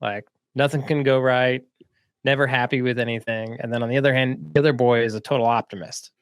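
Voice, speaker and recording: A laid-back man telling a story on a business podcast, chatty and loose, with filler words throughout. His voice sits at an ordinary pitch, recorded close and dry with no room sound. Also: brisk, clear, resonant tone, no echo. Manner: relaxed, chatty, lots of "like" and "right?". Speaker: podcast host. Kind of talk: casual storytelling. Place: lives in Florida.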